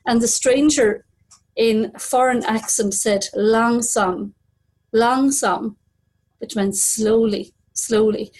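A woman's voice: fairly high pitch, measured pace, warm tone, poor audio. A middle-aged woman telling a true story at a live storytelling event, vivid and dramatic. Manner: vivid, dramatic retelling with acted quotes.

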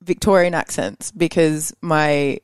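Australian woman, thirties, podcast guest, lower voice, chatty, laughs a lot, dry close sound. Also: slow, clear, resonant tone, no room sound. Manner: chatty, laughs often, heavy use of "like". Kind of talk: casual chat.

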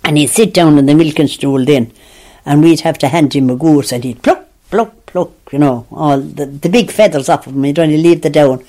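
An older woman with an Irish accent who tells childhood stories in a lively, animated way, laughing and acting out the voices of people she quotes. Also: sits low, normal speed. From Tipperary, Ireland. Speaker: interviewee. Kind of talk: lively storytelling reminiscence.

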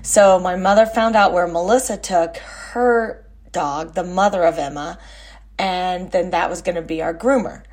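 A woman's voice: on the low side, a little slow, darkish tone. A woman in her forties from Texas, a podcast host telling a family story in a rambling, casual way, often correcting herself and using fillers.

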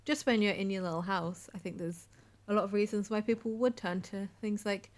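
A woman's voice: medium pitch, steady tone, brisk, darkish tone. A woman co-hosting a casual podcast chat, talking chattily and saying "like" often. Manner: chatty, heavy use of "like". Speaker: podcast co-host.

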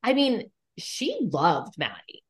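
A woman chatting on a podcast, retelling scenes with lively put-on quotes. She talks casually and swears now and then. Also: medium pitch, slow pace. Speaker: podcast co-host recapping episodes. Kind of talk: casual chat.

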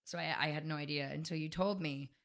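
Low-voiced woman, frank casual chat. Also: steady tone, fast, a bit bright. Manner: frank, chatty, laughs easily. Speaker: podcast co-host.

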